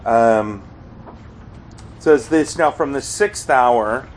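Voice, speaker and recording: Slow-speaking male pastor preaching. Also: medium pitch, slight background noise, low-quality recording. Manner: earnest preaching, cries out quoted pleas loudly. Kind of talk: sermon.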